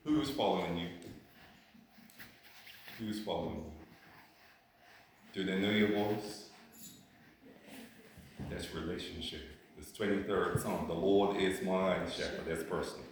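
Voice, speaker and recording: A man's voice: low voice, unhurried, slight background noise. A man preaching a sermon. He repeats his points and often asks his listeners questions. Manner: repetitive, asks the congregation questions. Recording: echoey room from far off.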